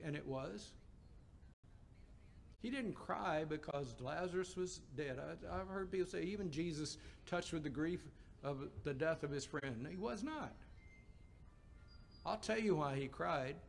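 A man's voice: a little high, creaky, a little hiss or hum. A man preaching a sermon in a folksy, conversational storytelling way, with emphatic rises.

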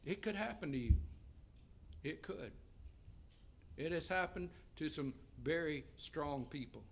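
A man's voice: fairly high pitch, animated, a little slow, vocal fry. A middle-aged man preaching a sermon as pastor, earnest, raising his voice to read scripture aloud.

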